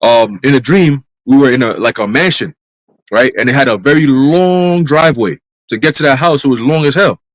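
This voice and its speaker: A man in a live church stream telling a dream as testimony, in brisk street slang with some cursing. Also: medium pitch, no echo, poor audio. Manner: brisk storytelling full of street slang and profanity. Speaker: church minister.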